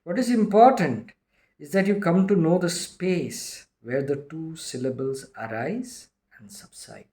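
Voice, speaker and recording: A man giving a slow, measured, reverent reading of a spiritual discourse. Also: fairly high pitch, animated, warm tone. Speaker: reader of a spiritual text. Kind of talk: scripted narration of a spiritual discourse.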